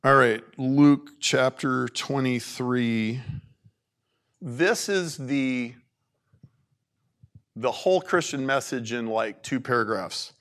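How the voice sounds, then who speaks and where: A man giving an informal faith talk to an audience, animated and conversational, with plenty of "like"s. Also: mid-range voice, takes it slowly, long pauses. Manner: animated, conversational preaching with many "like"s.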